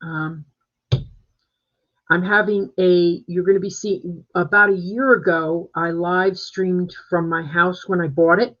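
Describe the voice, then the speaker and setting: A man's voice: high-pitched, little pitch movement, takes it slowly, pushed and bright. Chatty man on a dull lo-fi stream. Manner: rambling and chatty, full of fillers and restarts. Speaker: real estate agent. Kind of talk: casual live-stream chat. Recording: dull lo-fi live-stream audio.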